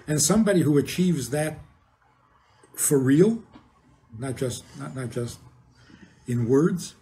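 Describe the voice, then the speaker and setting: A man's voice: fairly high pitch, animated, slow, mellow. An older man, a rabbi, giving an informal talk to an audience, often asking questions and chuckling at his own points. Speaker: rabbi teaching.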